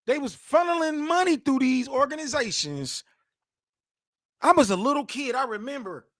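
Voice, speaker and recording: A man in his forties reacting to news clips as host, animated, emphatic and mocking, full of slang. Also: very high-pitched, normal speed, no echo, clean studio sound.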